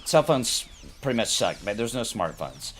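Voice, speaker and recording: Lively man telling a story. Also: mid-range voice, moderate pace, slight background noise. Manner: animated storyteller, many fillers like "you know what I mean". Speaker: host. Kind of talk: casual gaming chat, storytelling.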